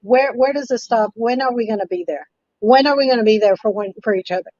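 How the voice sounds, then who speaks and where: A woman's voice: on the high side, fast talker, a little mellow, no echo, highs cut off. A woman hosting a talk show who speaks emphatically, repeating herself when indignant. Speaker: host. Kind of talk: live call-in talk show.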